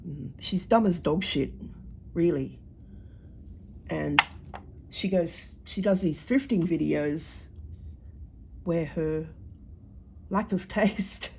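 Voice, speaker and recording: As she makes jewellery, a middle-aged Australian vlogger chats to camera in a casual, blunt, sarcastic, mocking tone. Her voice is on the low side and a little mellow, and there's a little hiss or hum on the recording.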